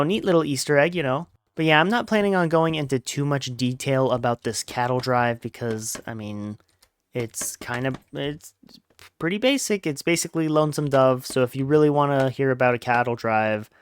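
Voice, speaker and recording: A man's voice: medium pitch, clear, resonant tone, dry recording. A man hosting a let's-play podcast, chatting casually about a book with lots of fillers and playful gamer slang. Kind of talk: casual book discussion over gameplay.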